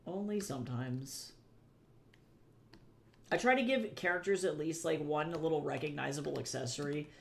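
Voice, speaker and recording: A man's voice: fairly high pitch, normal speed, gravelly, long pauses. A young man who draws comics on a livestream, chatting casually, thinking aloud as he works and answering his chat. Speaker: comic artist streamer.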